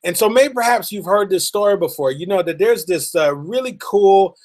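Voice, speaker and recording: Earnest high-voiced motivational speaker man. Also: lively intonation, a little mellow. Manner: earnest, emphatic with slow drawn-out key words. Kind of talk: motivational storytelling.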